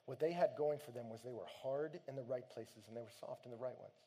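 Impassioned preacher man, mellow voice. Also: medium pitch, fast talker. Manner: swings from hushed to shouting, emphatic. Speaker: pastor. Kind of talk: sermon.

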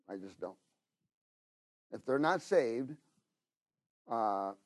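A middle-aged man delivers a sermon in a husky, breathy voice. He talks to the listeners as if in conversation, dropping in "you know?" and "okay?". His delivery keeps swinging from loud, emphatic exhortation to hushed, intimate asides. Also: mid-range voice. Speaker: preacher.

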